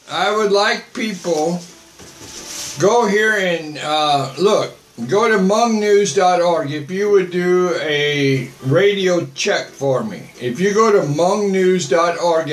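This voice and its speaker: A man's voice: a little high, a bit bright, echoey room, rough recording. A man in his seventies, a missionary preaching on a live stream and answering viewer comments in a rambling, earnest, repetitive way. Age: 70s.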